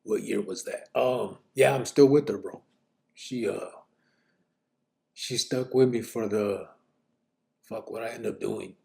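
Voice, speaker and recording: Profane gravelly man, blunt storytelling. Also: on the low side, unhurried, pauses often, darkish tone. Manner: blunt and profane, lots of "you know what I'm saying". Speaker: host telling his life story on a live stream. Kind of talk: casual live-stream storytelling.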